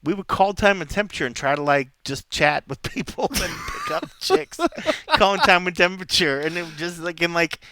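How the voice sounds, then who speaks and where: A middle-aged man co-hosting a podcast, telling rambling, animated stories with asides in casual chat. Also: mid-range voice, no room sound. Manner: animated storyteller, rambling asides, acts out quotes. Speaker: podcast co-host.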